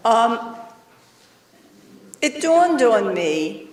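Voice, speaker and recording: A woman's voice: a little high, very animated, very slow. An older woman giving an informal talk to a study group, chatty, with joking asides to her listeners. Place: synagogue meeting room. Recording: roomy and distant from the mic.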